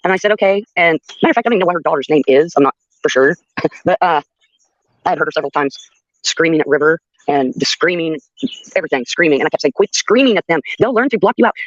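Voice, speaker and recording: A woman's voice: low-pitched, fast, no room sound, muffled recording. An older woman telling a story on her livestream in a blunt, profane way, with laughs between her sentences. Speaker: livestream host. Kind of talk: casual storytelling.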